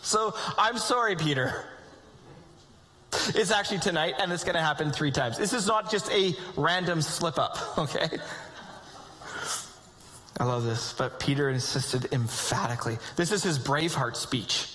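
A man preaching a sermon to his congregation, animated and conversational, with joking asides. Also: a little high, unhurried, pauses often, slight background noise. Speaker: pastor. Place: church sanctuary with congregation. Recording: long hall reverb.

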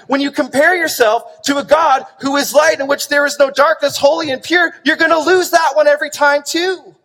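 Pastor, male, very high voice, animated emphatic preacher, big reverberant church hall. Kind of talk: sermon. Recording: long reverb of a large hall.

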